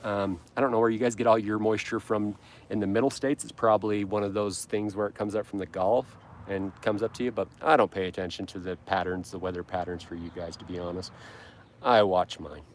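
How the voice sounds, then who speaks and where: Male lawn care streamer from Utah, lowish voice, casual rambling chat with viewers, self-correcting and playful. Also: level tone, a little fast, slight background noise. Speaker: lawn care livestream host. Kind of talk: casual livestream chat reading comments.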